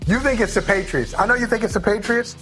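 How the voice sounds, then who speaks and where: A man co-hosting a sports talk show, pushing back on his partner with lively, quick comebacks. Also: high voice, faint music behind. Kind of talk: casual sports radio debate.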